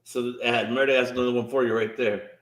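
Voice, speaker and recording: A man's voice: medium pitch, little pitch movement, fast talker, a bit bright, roomy sound. A man co-hosting a wrestling podcast, reading viewer comments and laughing along in casual chat. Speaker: podcast co-host.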